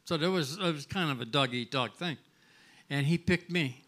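An older man with a fairly high voice speaks at a moderate pace. He's a guest at a live restaurant event, casually spinning a story with lots of energy, acting out the dialogue and restarting often.

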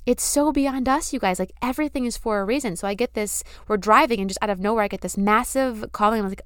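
A woman's voice: on the high side, a little fast, smooth, no room sound, studio quality. A young adult woman hosting her own podcast, talking in a casual, earnest, effusive way and repeating phrases for emphasis. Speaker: podcast host. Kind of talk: casual spiritual podcast monologue.

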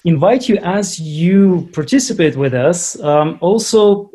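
A man moderating a webinar, thanking the speaker and talking haltingly with many fillers. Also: high-pitched, animated, dark tone, husky. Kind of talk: hesitant moderating.

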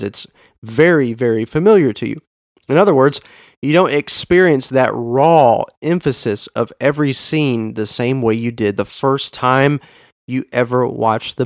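A man with a mid-range voice hosts a podcast episode, delivering a scripted teaching monologue on Bible reading. He teaches earnestly and stresses key words heavily, and the studio-quality audio has no room sound.

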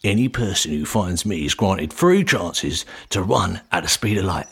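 A man voicing a cocky, teasing magic talking stick with a Cockney accent in a children's story, husky and lively. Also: low voice, moderate pace, heavily acted. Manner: brash, teasing, blunt. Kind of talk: storybook voice acting.

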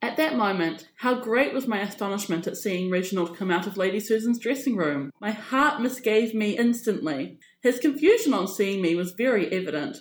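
A woman podcast host reading a classic novel aloud in measured, composed first-person narration. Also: mid-range voice, animated. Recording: echoey room.

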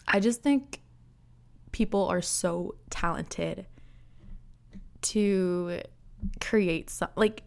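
A woman in her twenties hosting her own podcast alone, chatting casually, laughing often and filling her sentences with "like". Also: mid-range voice. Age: 20s. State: out of breath. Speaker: podcast host. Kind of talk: casual solo podcast chat.

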